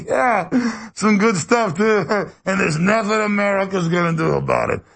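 A man's voice: high voice, animated, takes it slowly, exaggerated voice. A man playing a menacing male killer clown with a Brooklyn accent, in a taunting, ranting comedy sketch. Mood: gloating. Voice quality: gravelly, husky. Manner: taunting, shouting rants, cackling.

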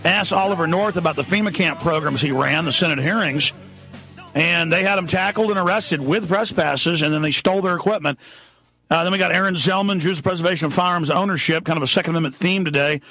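A man in his thirties hosting a talk radio show, ranting fast and heatedly. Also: fairly high pitch, bright, forceful tone, soft background music. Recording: dull lo-fi broadcast audio.

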